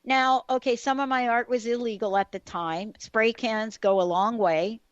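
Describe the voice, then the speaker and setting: A woman, hosting a radio talk show and telling a story in a chatty, animated way full of asides. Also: on the high side, moderate pace, slight background noise. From the Bronx, New York. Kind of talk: casual radio chat, storytelling. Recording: dull lo-fi radio recording.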